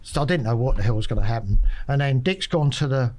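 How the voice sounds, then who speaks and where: A man speaking casually in a podcast studio, telling a long story. He often restarts his sentences, repeats words and trails off before getting back to the point. His voice sits at an ordinary middle pitch. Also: animated, fast, a little mellow, a little hiss or hum, low-quality recording. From England. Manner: rambling storyteller with many restarts. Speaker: podcast guest, match angler. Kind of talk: casual anecdote.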